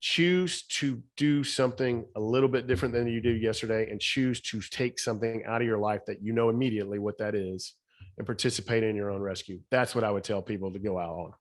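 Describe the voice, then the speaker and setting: His voice is lowish and steady in tone, moving a little fast. A middle-aged Southern speaker and author, he's a podcast guest delivering emphatic motivational talk, repeating key phrases in a slightly shaky voice.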